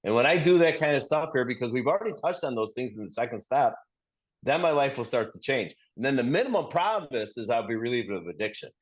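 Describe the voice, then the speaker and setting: A middle-aged man talks earnestly about his own life, his pitch rising and falling in a lively way. He often restarts and repeats himself as he goes. He sounds like he is sharing with a group. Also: fast talker. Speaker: recovery group speaker. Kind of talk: personal sharing in a study group.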